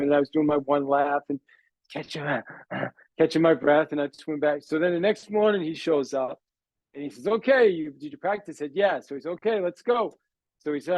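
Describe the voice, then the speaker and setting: A man, a sales trainer, telling a personal story in a motivational talk, animated and acting out the dialogue while calling his listeners "guys". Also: a little high, dry recording, muffled recording. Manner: acts out quoted dialogue in the story.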